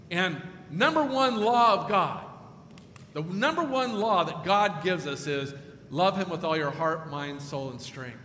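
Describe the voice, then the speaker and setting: A male pastor delivers a sermon in a forceful, bright voice set slightly high, dropping to hushed tones and then swelling to emphatic peaks. He sounds like he is in a church sanctuary, with a long, roomy reverb trailing his words and a faint noise underneath. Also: lively intonation, unhurried. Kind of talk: sermon storytelling.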